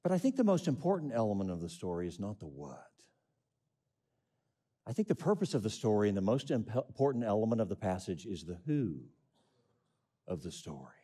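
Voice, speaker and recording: A man's voice: on the low side, very animated, a little fast, pauses often, dark tone, husky. A middle-aged man preaching a sermon, reading scripture and asking the congregation questions with rising emphasis. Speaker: pastor.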